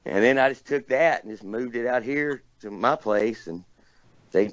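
A man's voice: mid-range voice, normal speed, no room sound. A man who runs a record store, chatting in a rambling, laid-back way on a podcast. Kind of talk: casual podcast chat. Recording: dull lo-fi dry recording.

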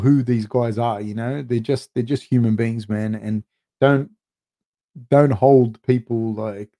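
A middle-aged man with a warm, medium-pitched voice hosts a live fight recap show. He reads viewer comments aloud and answers them in a loose, profane, rambling way, packed with fillers.

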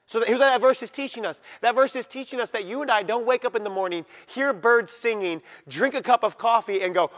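A man preaching a sermon in a fairly high voice, addressing his listeners directly. He hammers his points with emphasis, then slows down and drops to a near hush. His voice rings out with a long reverb, as in a large hall. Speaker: pastor.

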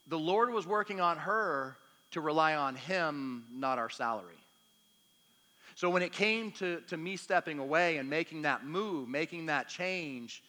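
A man's voice: fairly high pitch, pushed and bright. A man preaching a storytelling sermon in a chatty, self-deprecating, humorous way, acting out bits of dialogue. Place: church meeting hall. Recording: long hall reverb.

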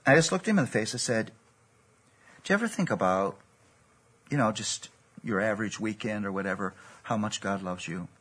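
A man's voice: fairly low pitch, lively intonation, normal speed, long pauses, fairly bright tone. A man preaching a sermon, telling a personal story in an earnest, storytelling way. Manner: gravelly, husky, earnest storytelling.

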